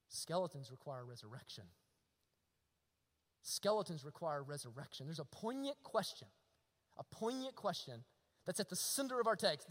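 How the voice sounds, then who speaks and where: A male pastor preaching a sermon, using rhetorical questions and swinging between hushed and emphatic delivery. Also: high-pitched, long reverb tail.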